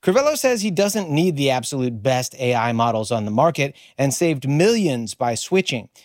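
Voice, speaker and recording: A man delivering a scripted radio news report in a measured, even way. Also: mid-range voice, no echo.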